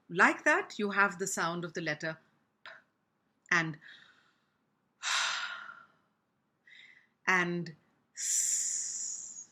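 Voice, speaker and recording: A woman speech teacher from India giving a pronunciation lesson, speaking slowly and deliberately and demonstrating each sound with exaggerated articulation. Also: fairly low pitch, sharp tone, slightly rough.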